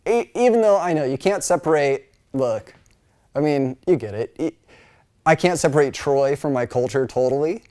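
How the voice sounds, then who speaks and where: A middle-aged man from the United States teaching a Bible college class in a loose, conversational way. His voice sits a little high for a man, and he keeps the room engaged with asides, fillers and quick impressions of other people. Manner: chatty, animated, full of fillers, mimics voices. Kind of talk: casual classroom lecture.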